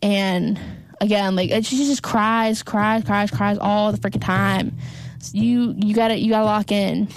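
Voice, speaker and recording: Speaking a little slowly with little pitch movement, this young woman has a mid-range voice. She hosts a casual recap podcast, chatting loosely and saying "like" constantly.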